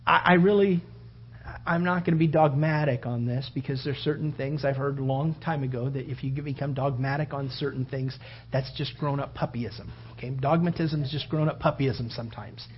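A man preaching a sermon, acting out the story with loud outbursts and hushed whispers. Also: mid-range voice, steady tone, normal speed, a little hiss or hum. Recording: dull lo-fi sound.

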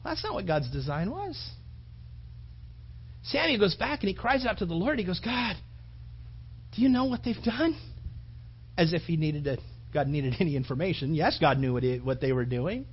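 A man's voice: on the high side, very animated, brisk, husky, dull audio. A man pastor preaching a sermon in a casual, emphatic way, with frequent repetitions and asides to the congregation.

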